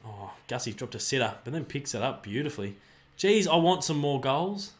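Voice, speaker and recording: An excitable man with an Australian accent hosts a livestream, chatting casually while he cheers and groans at the players in a football match. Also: medium pitch, normal speed. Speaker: livestream host. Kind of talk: live watch-along commentary and chat reading.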